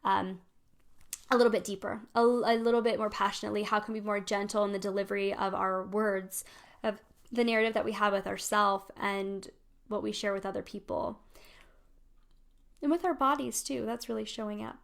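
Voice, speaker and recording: A woman's voice: mid-range voice, fairly even intonation, fairly quick, vocal fry. A woman in her thirties giving a casual live card reading, affectionate and upbeat, calling her viewers sweet friends. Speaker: spiritual coach hosting weekly card pulls.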